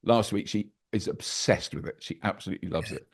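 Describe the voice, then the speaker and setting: An older man, a podcast guest chatting over a video call, animated and anecdotal with wry asides. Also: low-pitched, a little fast, creaky, breathy edge. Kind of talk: casual interview chat.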